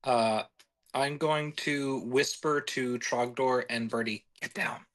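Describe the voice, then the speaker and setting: A man playing a tabletop game, speaking calmly and steadily as he asks about his rolls. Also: mid-range voice, slow. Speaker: player.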